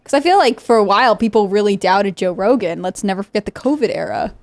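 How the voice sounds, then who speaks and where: A woman's voice: mid-range voice, animated, fast, no room sound. A woman on a talk show panel with a mid-range voice, recorded dry and close. Her delivery is conversational with a mildly sarcastic edge. She often trails off and restarts as she thinks aloud. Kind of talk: political talk show discussion.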